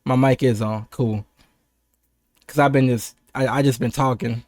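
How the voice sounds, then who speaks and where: A man's voice: mid-range voice, fairly even intonation, measured pace, a little mellow, no room sound, studio quality. A young American man chatting casually on a livestream, rambling and laid-back with lots of restarts and laughs. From United States. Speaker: streamer.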